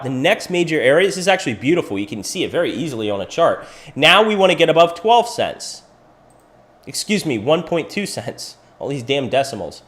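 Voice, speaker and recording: A middle-aged man from Pennsylvania hosting a crypto livestream, walking through price charts and answering viewers in chat by name. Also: a little high. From Pennsylvania, USA. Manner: animated, talks to viewers by name. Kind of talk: live chart analysis with chat questions.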